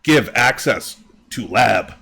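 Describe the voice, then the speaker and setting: A man's voice: mid-range voice, lively intonation, slow, creaky, sharp tone, husky, full character voice. A man voicing a panicked male bird-creature who speaks in choppy, broken one-word bursts. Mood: halting.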